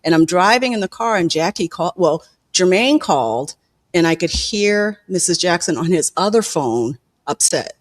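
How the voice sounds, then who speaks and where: In an interview, a film director and producer tells personal stories candidly and profanely, acting out the people he quotes with sudden jumps in pitch. His delivery is expressive and at normal speed, with no echo in the recording.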